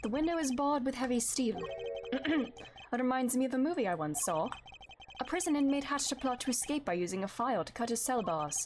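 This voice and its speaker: A woman reading the lines of a proud, formal male prosecutor in her own lively voice. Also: high-pitched, fairly quick, background noise.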